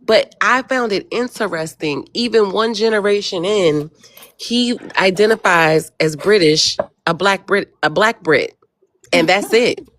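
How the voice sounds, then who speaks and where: A woman's voice: medium pitch, measured pace, a bit bright, no room sound. An American woman telling a personal story in a casual panel discussion. She is chatty and laughs as she talks. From United States.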